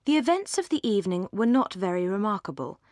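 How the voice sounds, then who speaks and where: Woman, audiobook narration, measured reading, articulate, dry recording. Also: medium pitch, big pitch swings, a little mellow, no echo. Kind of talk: scripted narration.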